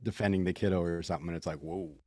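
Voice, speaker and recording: A man's voice: low-pitched, fairly even intonation, very fast, a little mellow. A man co-hosting a podcast, chatting casually, reacting to stories and cracking jokes. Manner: jokey, reactive listener. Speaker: podcast co-host. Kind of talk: casual chat.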